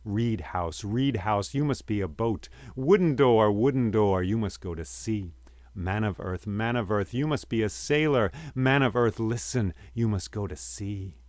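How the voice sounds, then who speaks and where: A sly trickster god of myth, as a male storyteller puts him on. He chants his warning in a repetitive, incantatory rhythm, his voice kept low. The sound is dry and intimate. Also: lively intonation, measured pace, dry recording. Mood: chanting.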